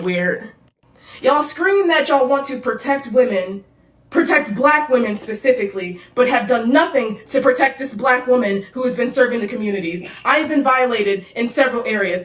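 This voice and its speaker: A woman's voice: on the high side, moderate pace, a bit bright, far from the mic. Sassy woman in an echoey room. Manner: sassy, slangy, confrontational. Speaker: social media therapist. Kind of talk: direct-to-camera social video.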